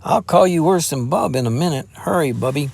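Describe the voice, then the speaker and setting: A hearty young farm lad, played by a male narrator, pitched up higher and brighter than the reader's own voice. He calls out good-naturedly but trips over his words when embarrassed. A storybook character read aloud. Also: animated, a little fast, gravelly. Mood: cheery. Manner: hearty, then stammering and embarrassed. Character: cheerful bashful farm lad, about twenty.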